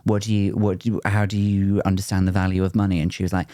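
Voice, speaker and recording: A man's voice: low voice, level tone, fast talker, warm tone, smooth, no echo. A man hosting a podcast, chatting casually with dry, teasing banter. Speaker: podcast host.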